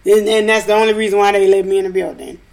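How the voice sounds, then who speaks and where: A woman's voice: mid-range voice, fairly even intonation, quick pace, creaky, a little mellow. A woman co-hosting a casual podcast chat who chimes in with wry remarks and comments. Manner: wry, interjecting. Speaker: podcast co-host.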